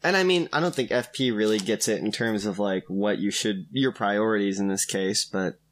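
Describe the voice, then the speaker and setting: A man co-hosting a casual podcast, recapping an episode in a relaxed way with many fillers and laughs. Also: on the low side, moderate pace. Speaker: podcast co-host.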